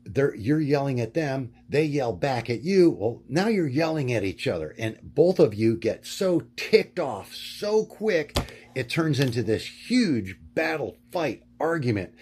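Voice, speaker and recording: A middle-aged man talking through his notes in a rambling monologue, halting and full of fillers, often searching for words. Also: mid-range voice, warm tone, a little hiss or hum. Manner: halting, many fillers and restarts. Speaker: vlogger.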